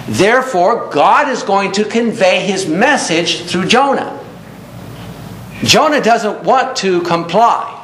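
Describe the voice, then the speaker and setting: A man preaching a sermon in earnest tones, reading scripture aloud and explaining it to a congregation. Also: fairly bright tone. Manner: earnest, reads scripture aloud in King James wording. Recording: echoey room with faint rumble.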